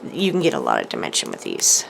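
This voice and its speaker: A woman's voice: very deep voice, wildly swooping pitch, fast talker, gravelly, a little hiss or hum. A woman hosting a casual craft haul video, chatting enthusiastically with lots of ums and little laughs as she shows products to the camera. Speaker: crafting channel host. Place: home craft room, showing products to camera.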